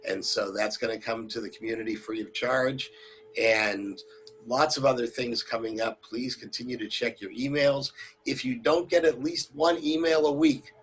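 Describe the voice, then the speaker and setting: Rambling rabbi hosting a community talk. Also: male voice, mid-range voice, a bit bright, slight background noise. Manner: loose and rambling, with many fillers and announcements. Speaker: rabbi and host.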